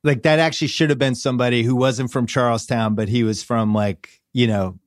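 A man hosting a podcast, chatting casually with quick conversational asides. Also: mid-range voice, steady tone, no room sound, studio quality. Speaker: podcast host. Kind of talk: casual sports podcast chat.

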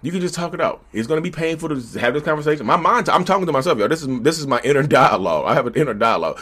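A man's voice: a little high, expressive, rapid-fire, fairly bright tone, breathy edge. A man vlogging in a casual, preachy way, speaking straight to his viewers. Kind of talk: casual commentary to camera.

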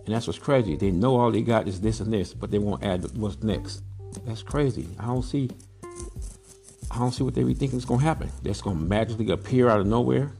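A man's voice: fairly low pitch, brisk, vocal fry, warm tone, faint music behind. A man from Southern California hosting a podcast, giving a blunt, preachy monologue full of rhetorical questions. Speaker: podcast host, pigeon breeder. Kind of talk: casual monologue.

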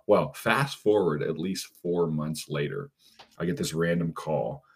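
Deep husky guy hosting a podcast, laid back, lots of uh and you know. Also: unhurried. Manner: relaxed, storytelling, frequent fillers. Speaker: podcast host and animal protection officer. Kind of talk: casual podcast chat.

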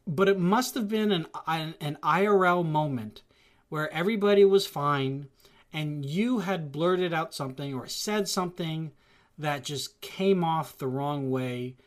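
A speaker in casual chat who rambles and talks in an animated way, often acting out what others say. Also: mid-range voice, measured pace. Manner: rambling, animated, acts out quotes.

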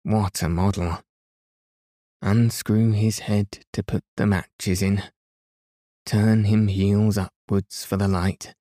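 A man reading the lines of a meek old toymaker in a hushed, dreamy way. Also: on the low side, little pitch movement, takes it slowly, no echo, studio quality. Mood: musing.

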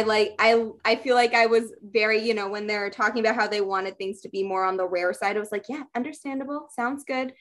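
A woman's voice: mid-range voice, a bit bright. A young woman co-hosting a podcast in casual chat, talking with lots of fillers. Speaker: podcast co-host.

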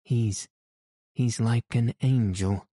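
A man voicing a stubborn, sharp-tongued young girl with blunt, sour retorts. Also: mid-range voice, steady tone, slow, slightly rough, no room sound, clean studio sound. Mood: heated.

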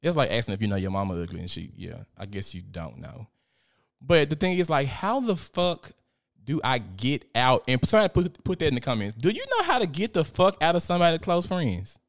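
Gravelly and brisk, with a medium pitch, a young man hosts an informal live stream where he reads viewers' comments aloud. His delivery is lively and full of profanity.

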